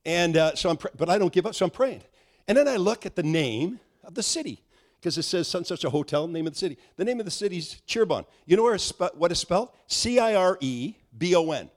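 A man's voice: high voice, fast. A middle-aged man preaching a sermon, telling a story and acting out the dialogue, with frequent restarts. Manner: animated, acts out dialogue, restarts often.

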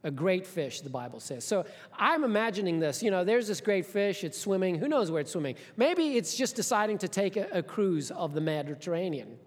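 A man preaching a sermon as a pastor, telling a story in an animated, conversational way with asides to the congregation. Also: high voice, brisk, few pauses, in a large hall.

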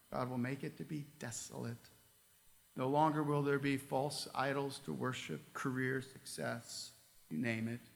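A man's voice: mid-range voice, creaky, fairly bright tone. A male pastor preaching a sermon in a church, reading scripture aloud and asking the congregation earnest questions. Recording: long reverb of a large hall.

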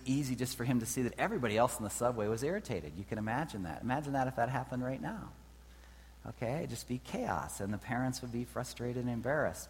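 A man preaching a sermon in a conversational way, often checking in with his listeners. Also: mid-range voice. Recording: reverberant hall with faint hum.

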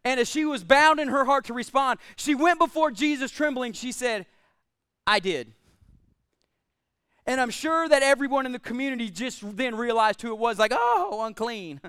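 High, clear-voiced preacher. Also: male voice, moderate pace, bright, forceful tone, no room sound, clean studio sound. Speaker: pastor. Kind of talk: sermon.

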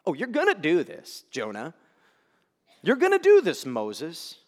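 Man doing god giving orders, emphatic and insistent, kinda high, echoey. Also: wildly swooping pitch, a little slow, exaggerated voice. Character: patient, commanding God, a male voice. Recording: echoey hall.

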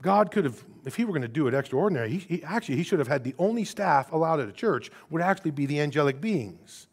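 High-voiced animated male preacher. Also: fast, creaky, husky. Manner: animated storytelling, swings between quiet asides and raised emphasis; conversational, casual phrasing with restarts. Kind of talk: sermon.

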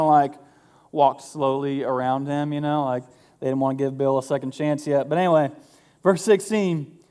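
A male pastor reads scripture and preaches in a relaxed, conversational way. His voice sits a little high and sounds smooth and resonant. He breaks in with jokey asides to his listeners. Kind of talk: sermon.

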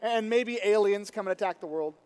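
A man preaching a sermon to his congregation, telling a story with lively, rising emphasis. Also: high voice, fairly quick, clear, resonant tone. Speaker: pastor. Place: church sanctuary. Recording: reverberant hall.

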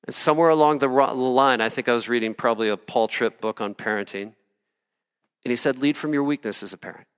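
A man preaching a sermon in an earnest, animated way, spinning stories and tossing asides to the congregation. His voice sits at an ordinary middle pitch. It rings with the long reverb of a large hall. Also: fast talker, clear, resonant tone. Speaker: pastor.

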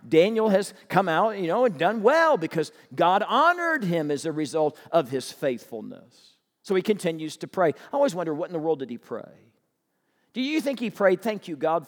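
Animated high-voiced male preacher. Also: big-room sound. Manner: animated, humorous, full of rhetorical questions. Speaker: pastor. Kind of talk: sermon.

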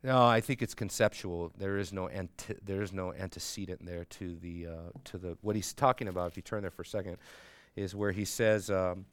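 A man's voice: deep voice, steady tone, a little fast, dry recording. A man teaching theology to a classroom, talking conversationally with frequent fillers and rhetorical questions. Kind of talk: classroom lecture.

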